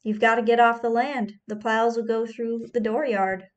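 A woman's voice: fairly high pitch, steady tone, normal speed, lo-fi sound, natural voice. A woman voicing stern landowning men. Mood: firm. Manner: firm, insistent, matter-of-fact.

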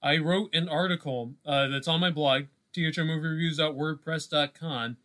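Guy cohosting a podcast, bright tense voice, a bit high, keeps restarting his sentences. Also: fairly even intonation. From Scottish roots. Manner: halting, many restarts and "you know"s. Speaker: podcast co-host. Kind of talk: casual chat.

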